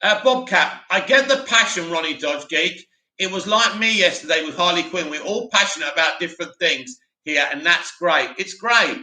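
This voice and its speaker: Chatty guy on a live stream, high bright voice, echoey room. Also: normal speed. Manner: chatty, animated, mocks a dramatic voice. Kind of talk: casual live chat reading comments.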